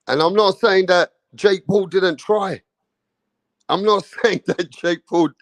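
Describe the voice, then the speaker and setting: A young man talks through a boxing fight in loose, excitable, slang-heavy commentary. His voice sits high and his pace is unhurried. The recording is dry and close. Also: no room sound. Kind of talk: casual reaction commentary.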